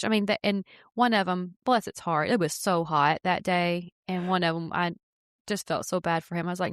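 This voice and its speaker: Animated woman realtor in a dry close sound. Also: fairly low pitch, normal speed, smooth, no echo. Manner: animated, rising to excited bursts when telling a story. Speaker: realtor and podcast co-host. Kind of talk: casual chat, telling anecdotes.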